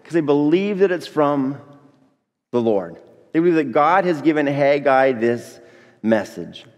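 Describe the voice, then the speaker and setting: A man's voice: a little high, lively intonation, a little slow, darkish tone. A man preaching a sermon to his congregation in a church, joking and speaking directly to the people. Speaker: pastor. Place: church sanctuary. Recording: long reverb of a church hall.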